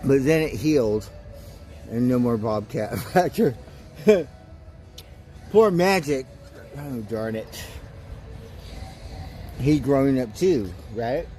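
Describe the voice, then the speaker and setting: A man's voice: mid-range voice, slow pace, pauses often, warm tone, soft background music. A man hosting a livestream, chatting casually and rambling, swearing now and then and cooing at his cats. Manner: laughs easily, swears casually. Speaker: livestream host.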